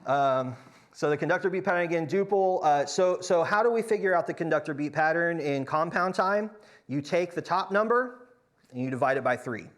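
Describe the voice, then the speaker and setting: A man's voice: on the high side, animated, a little fast. A man teaching a church song leading class, counting beats aloud with frequent restarts. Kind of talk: church music class lecture.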